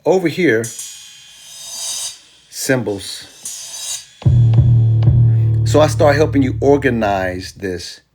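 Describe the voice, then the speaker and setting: A man's voice: mid-range voice, expressive, slow, long pauses, a little mellow, faint music behind. A man teaching crypto trading in casual, emphatic, repetitive speech, using slang and selling his course. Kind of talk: casual teaching demo with music.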